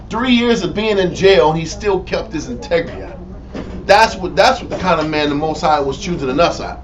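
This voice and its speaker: A man's voice: sits high, lively intonation, brisk. A man leading a bible study, teaching emphatically and prompting the reader with "Read on" and "Right?". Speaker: teacher leading a scripture reading. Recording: dull lo-fi audio with faint noise.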